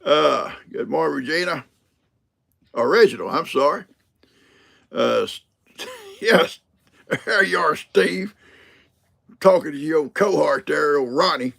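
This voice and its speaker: Older guy on his livestream, super gravelly husky voice, goes up and down a lot telling his folksy stories. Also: fairly high pitch, big pitch swings, takes it slowly, pauses often, fairly bright tone. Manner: folksy storyteller, laughs often, acts out quotes. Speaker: livestream host. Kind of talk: casual livestream chat.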